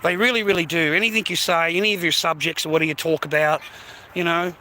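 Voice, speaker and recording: An Australian man walks along outdoor streets holding his phone, rambling casually for a live stream. His voice is high-ish, steady and sharp with a quick pace, over slight background noise, and he's chatty, tossing in "mate" and "bro" and swearing at times.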